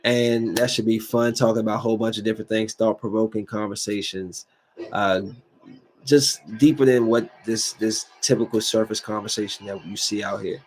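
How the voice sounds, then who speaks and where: Hosting a solo podcast, a father with a fairly low voice rants casually at a moderate pace. He's animated and repetitive, his speech packed with fillers, particularly "like."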